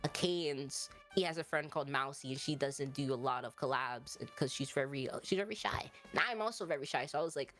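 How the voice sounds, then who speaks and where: A woman's voice: a bass voice, brisk, few pauses, fairly bright tone, faint music behind. A woman guest streamer chatting casually in an interview, rambling and giggly with lots of likes and ums.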